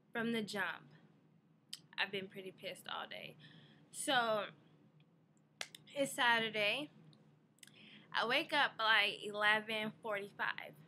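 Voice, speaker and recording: A woman's voice: medium pitch, pushed and bright, a little hiss or hum. A young woman in a casual vlog, telling an exasperated story about her day with a lot of swearing. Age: young adult. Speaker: vlogger.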